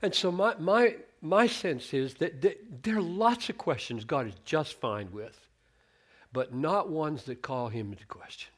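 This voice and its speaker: A man's voice: a little high, lively intonation, unhurried. A man preaching a sermon on a Bible passage, earnest, restarting words as he thinks aloud and acting out the quoted lines.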